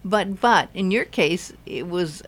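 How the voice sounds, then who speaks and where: A woman host with a slightly low voice, chatting casually and dropping quick reactions. She talks freely and follows up with questions and her own asides. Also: animated. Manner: chatty, reacts with short interjections. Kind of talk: casual chat.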